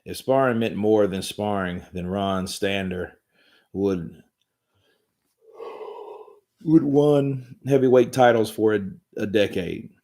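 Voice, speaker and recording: A man's voice: on the low side, slow, pauses often, mellow. A man hosting a live boxing commentary stream, talking in a rambling, profane, joking way from home.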